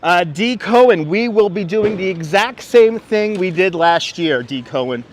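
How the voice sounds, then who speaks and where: A man's voice: high-pitched, expressive, a little slow. A man hosting a live stream as he walks through city streets, chatting and greeting viewers by name while reading the chat aloud. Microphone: wireless clip-on mic. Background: faint street and traffic noise.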